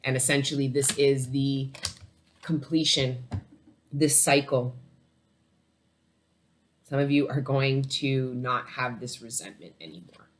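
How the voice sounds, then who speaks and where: A woman's voice: a bass voice, slow, pauses often, slight background noise. A woman giving a casual tarot reading to her viewers, rambling and emotional, swearing freely and laughing between thoughts. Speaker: tarot reader.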